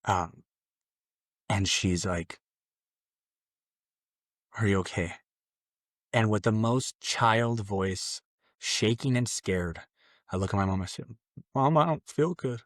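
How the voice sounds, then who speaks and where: Speaking slowly and pausing often, a late-twenties man shares his conversion story as a podcast guest, earnest and conversational, voicing his former thoughts. His tone is steady, his pitch on the low side, and his voice a bit bright. Clean studio sound, no echo.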